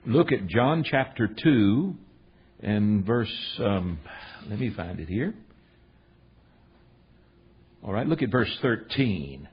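A man's voice: fairly low pitch, animated, slow pace, lo-fi sound, a little hiss or hum. A middle-aged man preaching a storytelling sermon, retelling stories in a folksy, emphatic way and teaching from the Bible.

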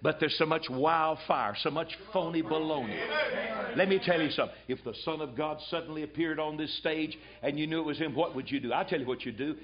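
An older man preaching a fiery revival sermon, swinging from loud exhortation to hushed asides. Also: a little high, fairly quick. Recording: dull lo-fi sermon recording.

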